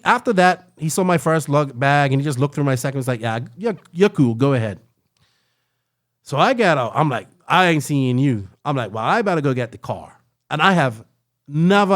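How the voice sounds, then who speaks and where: A man at medium pitch recounts a lengthy trip during a relaxed podcast chat, animated and meandering, peppering what he says with "like" and a questioning "right?".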